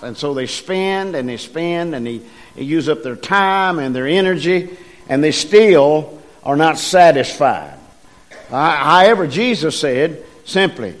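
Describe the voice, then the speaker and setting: Middle-aged guy preaching, kinda high voice, lots of ums, leans on the big words slow. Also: lively intonation. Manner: folksy, frequent ums and repeated words, stresses key phrases slowly. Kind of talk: sermon.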